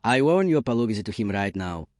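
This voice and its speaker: A harsh, scolding wife, drunk and scornful toward her husband, read by a man who barely changes his voice. The voice sits fairly low. The sound is dry and close, with no room around it. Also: sing-song, quick pace, a little mellow, no echo.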